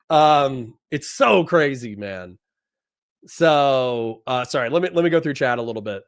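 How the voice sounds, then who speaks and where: A man hosting a livestream, telling a boot camp story in a profane, animated way and repeating phrases for emphasis. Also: medium pitch, normal speed. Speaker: livestream host and Marine veteran.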